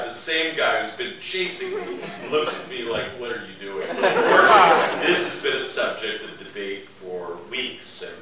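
A man telling a funny story to a live audience, animated and laughing through his lines. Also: medium pitch. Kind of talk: humorous anecdote. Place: large hall with a live audience. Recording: echoey room from far off with audience.

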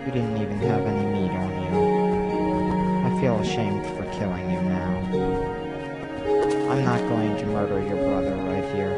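A man's voice: lowish voice, steady tone, normal speed, pauses often. A man giving casual, playful gameplay commentary, rambling and talking to himself as he plays. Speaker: let's play gamer. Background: loud game music.

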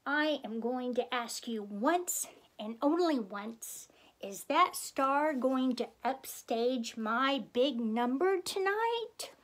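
A vain female pig star with a grand, theatrical manner, as a woman reading aloud puts her on. The voice sits high and the words come unhurried, each one given weight. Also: lively intonation. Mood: furious. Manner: theatrical, haughty, shrieking when angry.

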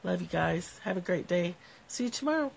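Nasal, gravelly-voiced woman streaming live. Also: on the low side, fairly quick, slight background noise. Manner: relaxed, reflective, laughs often. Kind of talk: casual spiritual talk to live viewers.

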